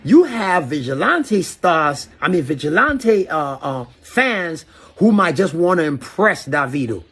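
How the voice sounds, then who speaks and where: A middle-aged man with a Ghanaian accent rants at his critics in a profane, preachy way. His voice sits fairly high and carries a husky, breathy edge. He keeps lecturing and slips in local phrases. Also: big pitch swings, measured pace, fairly bright tone. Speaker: artist addressing critics. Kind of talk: angry video rant.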